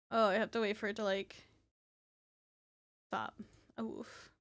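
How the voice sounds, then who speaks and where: A young woman streaming a game live, chatting casually and excitably, swearing and tacking on a playful "woof". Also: on the high side, measured pace, long pauses.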